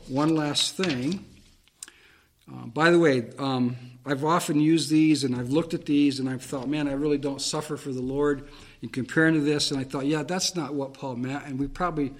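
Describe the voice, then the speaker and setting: Man explaining scripture in a sermon. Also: on the high side. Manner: reads scripture aloud, then explains it plainly with fillers and restarts. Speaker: preacher. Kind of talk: Bible teaching sermon.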